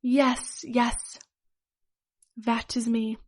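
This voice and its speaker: A man's voice: very high voice, flat delivery, takes it slowly. A woman voicing a resurrected dictator who speaks in a curt, mocking way in a comic story.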